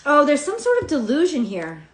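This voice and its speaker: A woman's voice: sits high, huge pitch swings, moderate pace, slight background noise. A woman giving a casual daily tarot reading. She rambles, swears freely and laughs often. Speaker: tarot reader. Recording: roomy echo.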